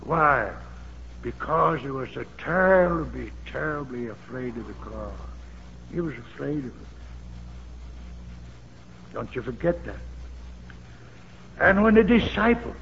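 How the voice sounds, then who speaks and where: A man's voice: on the high side, gravelly. A man preaching a sermon, emphatic and repetitive, with fervent exclamations. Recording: dull old sermon tape in a reverberant hall with faint hiss.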